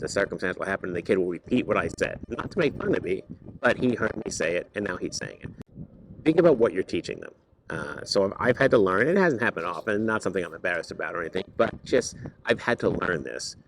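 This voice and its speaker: A man who is a high school teacher, talking casually to camera in an earnest, rambling way with many fillers and restarts. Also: a little hiss or hum. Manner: turns lively and higher when driving a point home. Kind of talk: casual vlog talk to camera.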